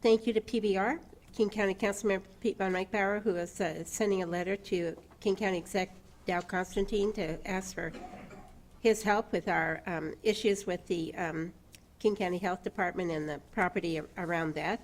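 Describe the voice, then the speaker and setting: A woman's voice: mid-range voice, steady tone, normal speed, a little hiss or hum. Hesitant woman giving a council report. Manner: hesitant, many fillers. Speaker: city council member. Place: council chamber.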